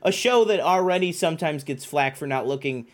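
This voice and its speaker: A man in casual podcast chat with a slightly raised pitch. He rambles eagerly, restarting his sentences and leaning on fillers as he works through his point. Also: animated, a little fast. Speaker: podcast co-host.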